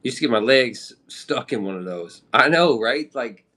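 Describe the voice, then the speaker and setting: A man's voice: mid-range voice, animated, normal speed, pushed and bright. A man from the Midwest chatting casually on a live stream, rambling with loose slang and casual swearing. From American Midwest.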